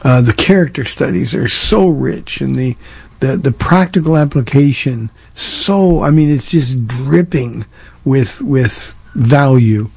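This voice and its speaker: This pastor from Southern California runs a call-in radio program, answering questions from listeners in an earnest, chatty way with frequent restarts. His voice is medium in pitch, darkish, creaky and a bit breathy, animated yet slow, and the recording is dry.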